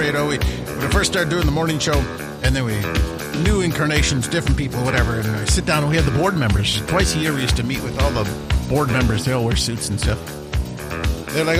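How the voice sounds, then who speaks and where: A man hosting a morning radio show, chatting casually in a rambling, jokey way with frequent restarts. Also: a little high. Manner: rambling, self-correcting, jokey.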